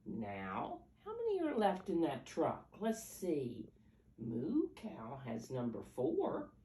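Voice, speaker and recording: Reading to preschoolers, this older woman uses a low, mellow voice whose pitch swoops wildly, and she takes her time. She coaxes the little ones like a teacher, counts with them, and poses questions, heard through a distant mic with roomy echo and faint hum.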